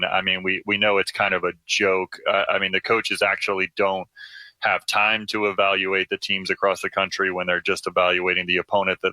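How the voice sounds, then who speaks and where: A man co-hosting a sports talk radio show, talking over football in a thoughtful, halting way with many fillers. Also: sits low, pushed and bright, dry recording. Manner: thoughtful, many ums and restarts. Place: radio studio.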